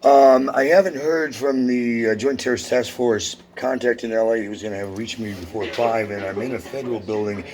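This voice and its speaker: A man's voice: medium pitch, fairly even intonation, a little fast, few pauses, darkish tone, a little hiss or hum. A man at a government office counter and on the phone, ranting and swearing in a heated confrontation. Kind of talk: angry confrontation and phone call. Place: social security office in a federal building.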